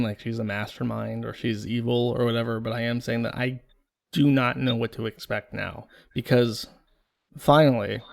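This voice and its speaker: A man's voice: medium pitch, creaky, darkish tone. A man giving blunt, sarcastic commentary in casual chat on a live stream. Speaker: stream panelist.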